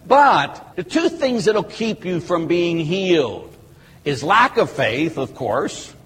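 A man's voice: sits high, very animated, slow pace, fairly bright tone, slightly rough. A middle-aged man, a Catholic priest, preaching a sermon, telling a story and rising to emphatic, exclamatory peaks. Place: church. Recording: long church reverb, faint room ambience.

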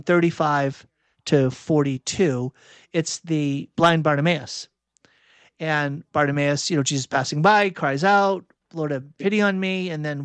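A man's voice: fairly high pitch, dry recording. Reflective man preaching, dry close sound. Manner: reflective, searching, with restarts and self-corrections. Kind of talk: sermon.

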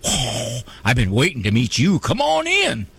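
A man's voice: medium pitch, huge pitch swings, unhurried, creaky, fairly bright tone, breathy edge, voice pushed down, full character voice. A man voicing God as a jovial, mock-impressed figure with a Southern US accent. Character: folksy Southern-drawling God welcoming a star.

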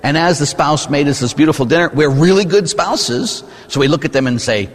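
A Catholic priest giving a sermon in a church, telling stories with lively asides and rhetorical questions like "huh?". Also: male voice, on the high side, quick pace, few pauses, in a large hall.

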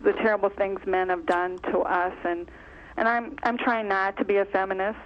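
A woman's voice: mid-range voice, level tone, moderate pace. A woman from Minnesota calling a religious talk show, gushing and rambling earnestly. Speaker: caller. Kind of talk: phone call to a talk show. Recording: dull phone line.

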